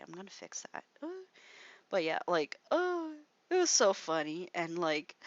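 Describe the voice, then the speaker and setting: A woman's voice: fairly low pitch, no echo. Rambling young woman livestreaming her drawing. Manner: rambling storytelling, constant "like" fillers and frequent swearing; mutters softly to herself while drawing. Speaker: artist livestreaming while drawing. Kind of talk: casual rambling livestream commentary. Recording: slightly dull lo-fi mic, dry.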